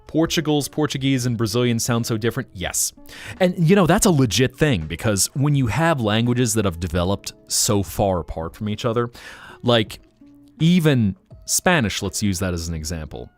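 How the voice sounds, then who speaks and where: A man hosting a live stream, rambling casually as he explains things to his chat. His voice sits low but moves lively up and down, with faint music playing behind him. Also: moderate pace.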